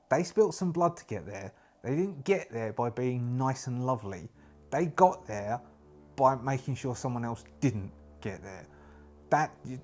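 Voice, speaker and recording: A man narrates a solo tabletop game at a mid-range pitch. He thinks aloud, rambling and restarting his sentences as he works out the story.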